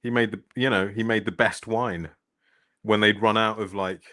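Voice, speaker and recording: A man's voice: fairly low pitch, steady tone, normal speed, bright, forceful tone. A man co-hosting a podcast, chatting casually in an easygoing, agreeable way. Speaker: podcast co-host. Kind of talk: casual conversation.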